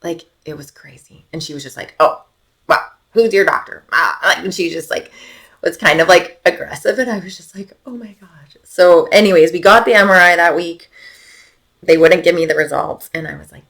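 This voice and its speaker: A Canadian mother in her thirties, guesting on a podcast, recounts her baby daughter's illness in a lowish, gravelly, slightly bright voice at a moderate pace. She speaks casually with many fillers, often dropping nearly to a whisper.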